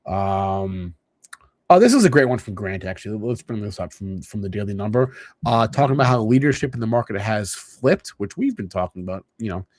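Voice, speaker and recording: A man hosting a casual market show, talking in an animated way with frequent restarts. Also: lowish voice, brisk, dry recording, clean studio sound. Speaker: show host.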